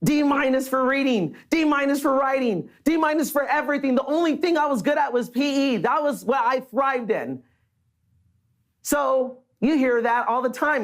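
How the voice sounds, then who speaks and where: A man from the Los Angeles area giving an earnest, energetic motivational stage speech and talking straight to the crowd. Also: very high-pitched, normal speed. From Los Angeles area, USA. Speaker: motivational speaker.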